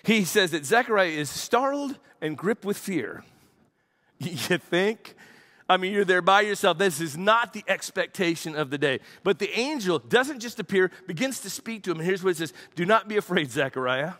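A pastor delivers a sermon in a church, telling the story with animated energy. His voice sits a little higher than most men's. He acts out the quotes as he goes. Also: normal speed.

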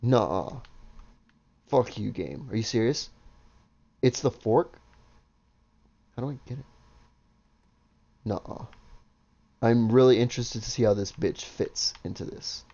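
A man playing a video game and commenting casually, excitable and swearing a lot as he talks to his viewers. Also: mid-range voice, a little slow, pauses often, muffled recording. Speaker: gaming video host. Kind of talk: casual let's-play commentary.

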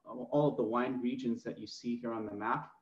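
A man's voice: medium pitch, fairly even intonation, normal speed, roomy sound, dull audio. A middle-aged man, a master sommelier, presenting slides over a video call, keen and full of fillers and restarts. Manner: enthusiastic, with many fillers and restarts. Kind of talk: presenting slides in a wine tasting webinar.

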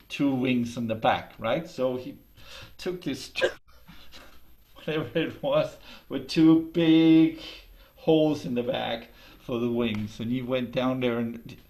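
Slow, deliberate male storyteller. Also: medium pitch, darkish tone. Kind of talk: oral storytelling.

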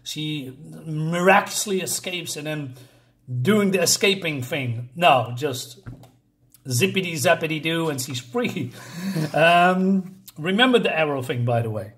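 A man's voice: a little high, lively intonation, measured pace, fairly bright tone. Chatty man rambling through a comic review. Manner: rambling and digressive, with frequent fillers and chuckles.

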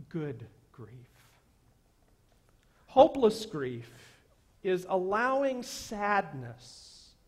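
A man pastor delivering a sermon in a church, earnest and emphatic, repeating key phrases slowly. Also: sits high, slightly rough. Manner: earnest preaching with slow, emphatic repetitions. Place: church sanctuary.

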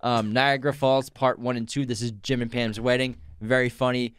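A man's voice: mid-range voice, flat delivery, normal speed, fairly bright tone, smooth, no room sound. A young man co-hosting a podcast, casually running through favorite episodes and laughing as he goes. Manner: lists episodes, laughs often, quotes characters. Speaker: podcast co-host. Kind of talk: casual chat.

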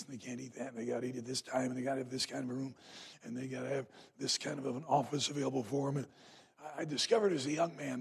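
A man preaching a revival sermon in a church, telling folksy stories and rising to loud emphatic peaks. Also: medium pitch, creaky, husky. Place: church sanctuary.

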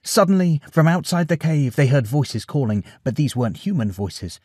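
A man narrating a bedtime story in an expressive, animated way. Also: a little high, normal speed, breathy edge, no room sound, studio quality.

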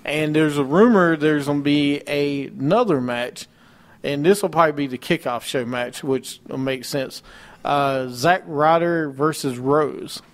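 A man's voice: a little high, a little slow. A man co-hosting a casual wrestling talk show, rattling off match cards and ranting with mocking disbelief. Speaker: podcast co-host.

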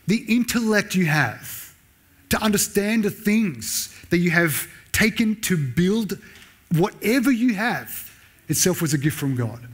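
A man preaching a sermon in a church, raising his voice sharply when he reads out sarcastic lines. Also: unhurried. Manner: animated preaching, pitch jumping up when voicing Paul's sarcasm. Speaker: pastor.

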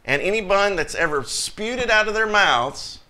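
A man preaching a sermon with a high, bright voice. He drives his points hard, breaking into sudden bursts. When he quotes scripture, his voice rises. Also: lively intonation, unhurried. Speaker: pastor.

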